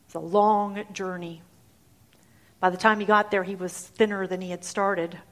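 A woman preacher telling a story in her sermon, in an animated, dramatic manner. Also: mid-range voice, moderate pace. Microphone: handheld or clip mic.

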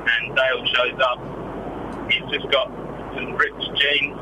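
A man's voice: medium pitch, flat delivery, slow pace, noisy background. A man in his twenties with an English accent and a slight Australian twang, phoning in sheepishly from his car. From England. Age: 20s. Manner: sheepish, laughs things off. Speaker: caller.

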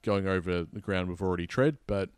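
An Australian man chatting on a football podcast, his voice smooth and resonant and the sound close and dry. He spins a story with animated, mock-outraged flair, rising into sharp exasperation. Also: low voice, fairly quick, no room sound. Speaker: podcast co-host. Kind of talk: casual footy podcast chat.

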